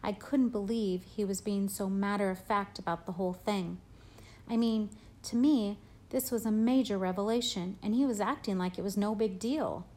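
A woman's voice: medium pitch, moderate pace, dark tone. Woman reading a story aloud. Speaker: audiobook narrator. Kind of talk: first-person novel reading.

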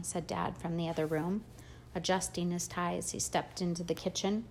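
A woman's voice: lowish voice, normal speed, slight background noise. Woman narrating a first-person audiobook. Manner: steady, plain storytelling.

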